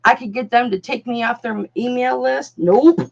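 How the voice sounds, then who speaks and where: A woman's voice: fairly high pitch, fairly even intonation, moderate pace, gravelly. A woman hosting a live online jewelry auction, chatting casually and calling viewers darling, honey and doll. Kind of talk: casual live-stream selling chat. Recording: dull lo-fi sound.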